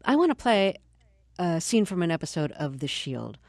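An interview host introducing clips and asking a guest about their career, in a brisk way and laughing easily. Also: mid-range voice, sing-song, dry recording, clean studio sound. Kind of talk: radio-style interview.

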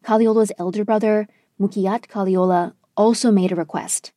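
A woman news correspondent reading a scripted report in a measured, even way. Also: medium pitch, dry recording, clean studio sound.

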